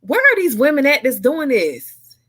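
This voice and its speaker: A woman's voice: high-pitched, wildly swooping pitch, normal speed, fairly bright tone. A woman co-hosting a casual chat show, blunt and emphatic, often laughing. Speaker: podcast co-host.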